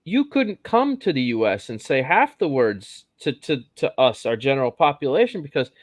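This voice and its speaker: A man hosting a casual live stream, talking in a bouncy, animated voice with a lot of swing in his pitch. He jokes crudely and teases his guests. His voice sits close to the mic in a dry, dead space. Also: moderate pace, no echo. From Michigan. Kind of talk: casual chat.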